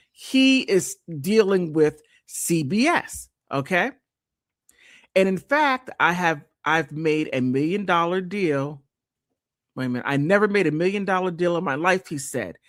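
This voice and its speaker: Slow, animated woman streamer. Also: low-pitched. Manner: animated, exclaims and restarts often. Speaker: live stream host. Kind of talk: casual commentary, reading from an article.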